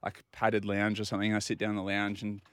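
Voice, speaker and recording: A man's voice: lowish voice, completely flat delivery, quick pace, clear, resonant tone, dry recording. An Australian man telling a self-deprecating story on a radio show in a casual, easygoing way. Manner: easygoing, self-deprecating, acts out quoted dialogue.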